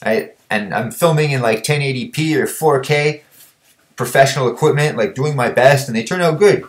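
A man's voice: mid-range voice, normal speed. A young man vlogging, ranting bluntly and combatively, swearing constantly. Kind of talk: profane ranting monologue.

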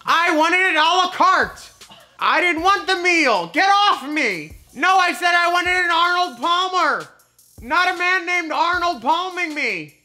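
Man putting on a shrill, outraged old man fending someone off, high and piercing. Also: animated, measured pace, sharp tone, heavily acted. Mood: squealing protest. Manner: shrill, indignant protesting. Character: panicked old man being groped, squealing.

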